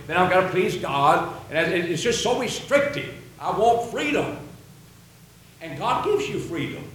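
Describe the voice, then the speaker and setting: A man's voice: on the high side, a bit bright, slight background noise. A man preaching a sermon, reading and quoting scripture in an earnest way. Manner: earnest, quotes scripture aloud. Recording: very echoey room.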